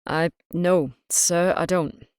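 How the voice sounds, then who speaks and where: A woman's voice: on the low side, fairly even intonation, slow pace, smooth, no room sound, clean studio sound. A woman voicing a worried male detective inspector who answers hesitantly and apologetically in an audiobook. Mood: apologetic. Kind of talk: audiobook character reading.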